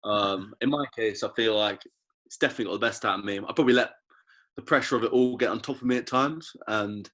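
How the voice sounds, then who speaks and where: A man in his twenties, a professional athlete, speaking as a guest in a casual podcast interview, reflective and animated when he tells stories. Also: lowish voice, quick pace. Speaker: guest, professional rugby player.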